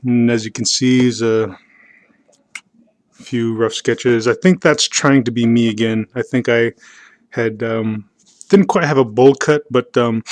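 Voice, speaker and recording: A man leafs through his old sketches and talks about them in a slow, unhurried drawl. His speech wanders and stalls, full of fillers and self-deprecating chuckles. The voice sits at a middle pitch and is recorded dry and close. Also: dry recording. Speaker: artist showing his sketchbook. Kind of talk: casual video narration.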